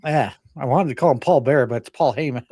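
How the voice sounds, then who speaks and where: A man co-hosting a podcast in casual chat, recapping the week and laughing at his own slips. His voice sits at an ordinary pitch and sounds dry and close. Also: a little fast, dark tone, husky, no room sound. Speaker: podcast co-host.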